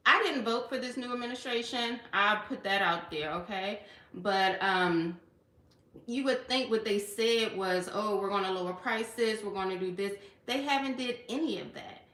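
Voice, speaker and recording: A woman from Washington DC speaks in a personal livestream about her work as a federal employee. Her voice sits at a middle pitch and she talks earnestly, with a little tearfulness, dropping in "okay" and "you know" often. The room gives her voice a noticeable echo. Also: fairly bright tone. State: tearful at times. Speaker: federal worker and livestream vlogger. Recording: echoey room.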